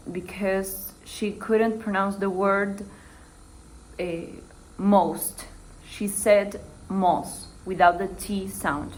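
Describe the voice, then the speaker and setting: Young woman, student presentation, unhurried, hesitant, faint background hiss. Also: medium pitch, poor audio. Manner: hesitant, with frequent "eh" fillers. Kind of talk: class assignment presentation.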